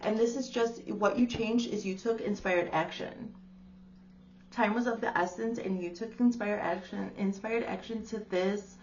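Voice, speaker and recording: A woman's voice: mid-range voice, steady tone, measured pace, a little mellow, muffled recording, a little hiss or hum. Chatty woman giving a tarot reading. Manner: chatty, exclaiming, calls the listener darling. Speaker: tarot reader. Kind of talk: casual spiritual reading to camera.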